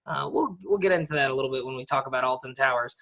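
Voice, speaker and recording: A man's voice: mid-range voice, very fast, sharp tone. A man from the United States co-hosting a podcast, chatting casually with plenty of ums and restarts. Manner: chatty, many fillers and restarts. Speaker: podcast co-host. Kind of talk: casual chat.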